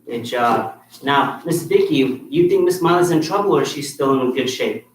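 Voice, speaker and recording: A man's voice: mid-range voice, animated, moderate pace. A man teaching a kids' martial arts class, firm and encouraging, checking in with "okay?" after nearly every point. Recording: echoey room with faint noise.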